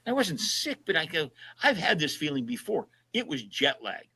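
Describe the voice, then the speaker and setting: On a poorly recorded podcast, a man in his 70s spins casual road trip tales, performing the dialogue of everyone he quotes with lively energy. He speaks at a normal speed in a husky voice that sits on the high side.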